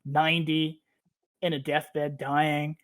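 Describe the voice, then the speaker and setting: A man's voice: on the high side, flat delivery, slow pace, fairly bright tone, no echo. Rambling, profane podcast host, a man. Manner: rambling, profane, heavy use of "like". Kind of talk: casual story recap.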